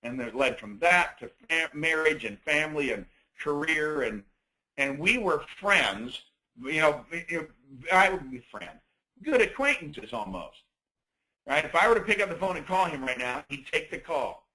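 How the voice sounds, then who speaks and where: Bright-voiced man coaching with stories. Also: on the high side, normal speed, poor audio. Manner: animated storyteller, acts out dialogue. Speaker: sales coach. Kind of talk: coaching talk on a conference call.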